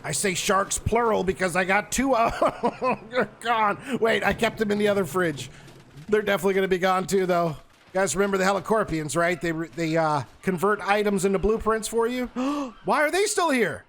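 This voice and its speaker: Male gaming vlogger, high voice, lively commentary while playing, exasperated outbursts at the game, faint background hiss. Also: a little fast. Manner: animated, exasperated, talks to the game. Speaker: gaming YouTuber.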